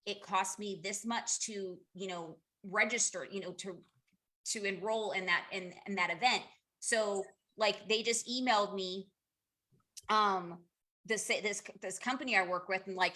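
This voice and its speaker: Bright-voiced chatty woman coaching her team. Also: medium pitch, unhurried. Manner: chatty, candid, many fillers and restarts. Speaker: direct sales team leader. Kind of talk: casual group coaching call.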